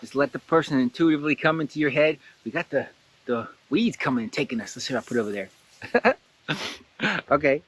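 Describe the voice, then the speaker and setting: A man hosting a casual guided blessing exercise, animated and laughing often, jumping into excited high voices when he quotes someone. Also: fairly quick, no echo. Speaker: host guiding a blessing exercise. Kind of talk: casual guided meditation talk.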